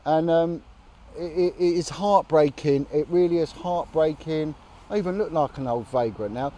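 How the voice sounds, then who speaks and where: A man with a slightly high, warm voice speaks at a moderate pace in a casual outdoor vlog, seated on a roadside bench on a long walk. He is earnest and indignant, swearing bluntly as he addresses the camera.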